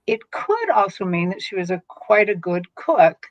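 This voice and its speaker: A woman medium joins a live reading with animated energy and frequent laughter. Her voice sits at an ordinary middle pitch. The audio sounds a bit dull and lo-fi. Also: normal speed. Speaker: psychic medium co-reader.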